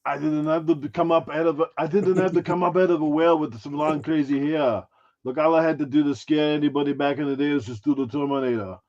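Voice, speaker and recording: A brash, self-promoting action-movie star holds forth, as a man does the impression, crude and full of swagger. The voice sits fairly high, and the audio is dull and muffled. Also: fairly even intonation, brisk, vocal fry, hardly any pauses, husky, heavily acted. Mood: boastful. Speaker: guest impressionist. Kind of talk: podcast chat in character.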